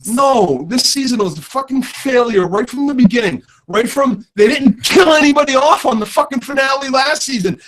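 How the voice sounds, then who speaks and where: Guy w a really high voice going off, swearing nonstop, super worked up. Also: a bit bright, low-quality recording. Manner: angry, swearing, emphatic. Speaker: guest reviewer. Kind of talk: profane ranting review.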